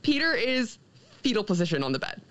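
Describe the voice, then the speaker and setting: A woman co-hosting a comic book podcast, retelling a story in an animated, profane, casual way with many fillers. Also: mid-range voice, brisk. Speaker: podcast co-host.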